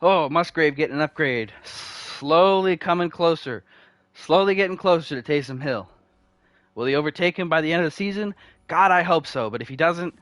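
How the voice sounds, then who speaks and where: A man's voice: on the high side, moderate pace, fairly bright tone, no room sound. A young man in casual gameplay commentary, rambling and self-deprecating while reading off game stats. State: uncomfortable, needs the bathroom. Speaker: video game franchise mode host.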